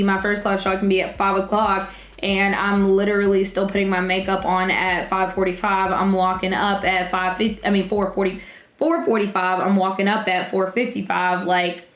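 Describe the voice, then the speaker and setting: A woman guest chatting casually, upbeat and quick with her stories. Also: medium pitch, fairly bright tone, echoey room. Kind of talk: casual chat.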